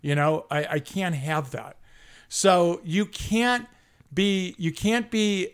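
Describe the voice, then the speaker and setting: Higher-pitched, profane middle-aged male storyteller. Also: slow pace, smooth. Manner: profane, heated and animated storyteller. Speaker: podcast host. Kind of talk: casual sports chat and storytelling.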